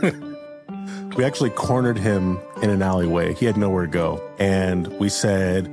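A man's voice: low voice, moderate pace, music in the background. A man hosting a podcast, playfully narrating an improvised comedy story, often laughing. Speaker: podcast host.

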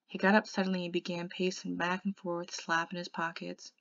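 A woman reading a novel aloud in an expressive way, softening to a hush in the quiet passages. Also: fairly low pitch, fairly quick, gravelly, few pauses. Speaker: audiobook reader. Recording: dull lo-fi recording.

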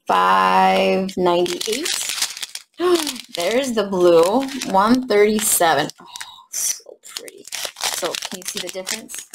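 A woman vlogger chatting casually while unboxing crafts, reading drill numbers slowly and gushing softly over the colors. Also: mid-range voice, vocal fry, noisy background. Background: crinkling bags and clicks.

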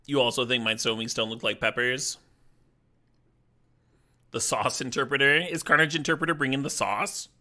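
A man streaming a card game draft, talking casually in a playful, joking way and swearing when excited. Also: mid-range voice, normal speed, pauses often.

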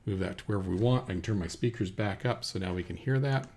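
A man teaching a software recording lesson at his computer, talking through each step in a relaxed way with fillers, into a desk microphone indoors. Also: on the low side, fast, heavy background noise. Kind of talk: screen-recorded software tutorial. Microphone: USB desk microphone.

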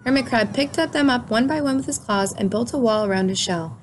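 A woman reading a children's picture book aloud in a calm, clear storytelling manner. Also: a little high, brisk, slight background noise. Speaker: storybook reader.

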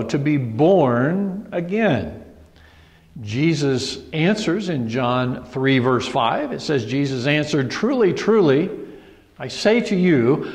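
A man preaching a sermon, reading scripture slowly and deliberately with emphatic pauses. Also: a little high, in a large hall.

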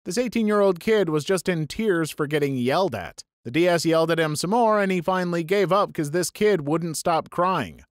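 Lively sarcastic male story reader. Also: high voice, dry recording, clean studio sound. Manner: lively, sarcastic asides and mock voices. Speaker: story channel narrator. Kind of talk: reading online stories aloud.

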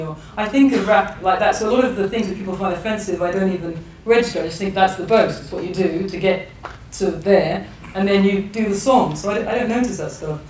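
A woman novelist from England, in her thirties, talks as a guest in a public conversation. She is thoughtful and hesitant, restarting sentences often, in a medium-pitched, slightly mellow voice. The mic sits far away in a big echoey hall, with slight background noise.

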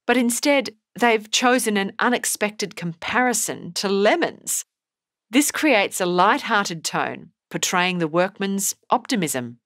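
A woman teacher giving a scripted poetry lesson in a measured, explanatory way. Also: medium pitch, expressive, a bit bright, dry recording, clean studio sound. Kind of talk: scripted narration.

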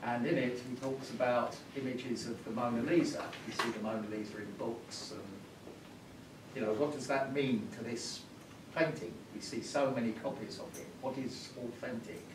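A man's voice: medium pitch, fairly even intonation, moderate pace. A man leading a university music workshop as visiting professor, explaining ideas and telling a story in a thoughtful, instructive way. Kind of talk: workshop lecture. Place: university classroom. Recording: roomy classroom from far off, noisy.

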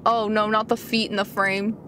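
A young woman streaming a video game, reacting excitably with frequent gasps and laughter as she chats casually. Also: mid-range voice, normal speed, a little hiss or hum. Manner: excitable, gasping and laughing often. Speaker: gaming streamer. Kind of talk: casual gameplay commentary.

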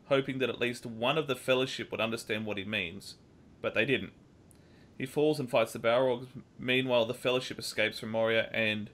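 A man's voice: mid-range voice, a bit bright. An Australian man hosting a casual podcast, rambling with fillers and laughing often. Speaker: podcast host.

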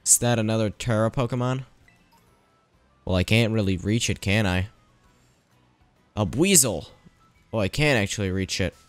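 A man's voice: lowish voice, normal speed, long pauses, no echo, soft background music. A man giving casual let's-play commentary, thinking aloud and teasing the game's characters as he plays. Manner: thinking aloud while playing. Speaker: gameplayer narrating his playthrough.

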